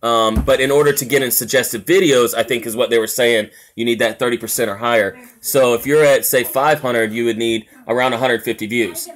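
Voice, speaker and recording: A man's voice: mid-range voice, steady tone, a little fast, hardly any pauses, a bit bright. A man with a drawl hosts a casual live stream from his home. He rambles through his points with plenty of filler words, stopping often to greet viewers and answer their comments. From South Carolina. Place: home, with family noise around.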